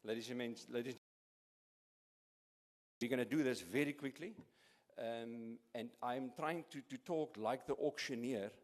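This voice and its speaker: A man running a charity auction at an awards evening, cracking jokes and often stopping to restart his words. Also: medium pitch. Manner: jokey, halting with many restarts and repeats. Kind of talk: live event MC, joking auction patter. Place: large event hall. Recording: echoey hall.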